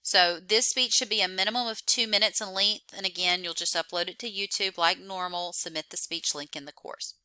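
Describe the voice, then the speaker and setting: Bright clear-voiced woman instructor. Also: medium pitch, fairly even intonation, a little fast, hardly any pauses, no room sound. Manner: explanatory, with frequent "you know" and "so". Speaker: college course instructor. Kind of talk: recorded online class meeting.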